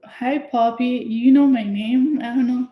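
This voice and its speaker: A young woman from Canada, chatting excitedly and giggling as she hosts her own livestream. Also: fairly high pitch, a little slow, narrow, tinny audio. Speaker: livestream host. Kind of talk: casual livestream chat. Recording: echoey room.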